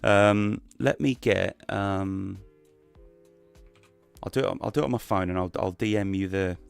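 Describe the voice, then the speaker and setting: A man with a relaxed, rambling way of talking, chatting casually as a guest on a live stream over a call mic. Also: lowish voice, unhurried, creaky, clear, resonant tone, faint music behind. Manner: relaxed, rambling, many fillers and restarts.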